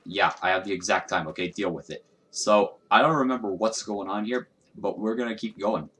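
A man's voice: on the low side, a little fast, pushed and bright. A young man giving casual, profane, self-mocking commentary while playing a video game. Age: young adult. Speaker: gaming YouTuber. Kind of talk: let's play commentary.

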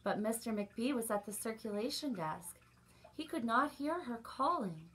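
A woman librarian reading a picture book aloud at children's story time, expressive, with little asides to the kids. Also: fairly high pitch, moderate pace.

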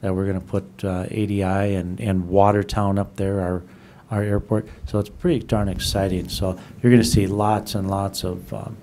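A man with a lowish, mellow voice speaks at a city council meeting. He restarts his sentences often and leans on fillers. When pressed, he pushes back firmly. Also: little pitch movement, slight background noise. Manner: halting, many restarts and fillers, insistent when challenged. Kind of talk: unscripted council discussion. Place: council chamber.

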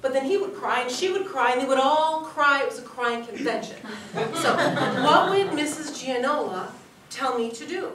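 A woman performs a humorous contest speech, telling her story in an animated way. Her high, bright voice rings through a large echoey hall, and the mic picks it up from far off. A faint room hum sits behind her. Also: normal speed. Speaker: contest speaker.

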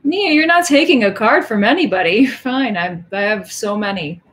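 Her voice is medium-pitched and a bit bright, with lively intonation at a normal speed. This young livestream host chats casually with viewers, laughing a lot and counting cards out loud.

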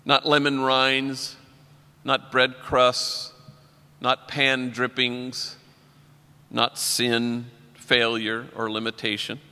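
A middle-aged man, a priest, telling wry stories in a religious talk and slowing down for his punchlines. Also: medium pitch, monotone, pushed and bright, clean tone. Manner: wry, anecdotal, slows down for punchlines. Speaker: priest giving a keynote talk. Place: large convention hall. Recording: long reverb of a large hall.

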